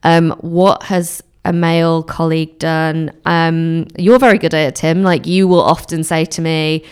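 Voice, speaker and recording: A woman in casual podcast chat, talking frankly with quick asides. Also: deep voice, level tone, clean tone.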